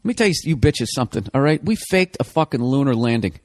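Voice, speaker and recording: A middle-aged man hosting a podcast, delivering a profane comedic rant that swings from loud outbursts to low mutters. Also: sing-song, quick pace. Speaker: podcast host.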